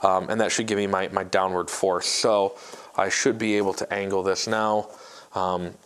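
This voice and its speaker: A man's voice: sits low, little pitch movement, normal speed, fairly bright tone, clear, resonant tone. A man vlogging a workshop build in a casual, rambling way, often stumbling and restarting his sentences. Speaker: maker vlogger.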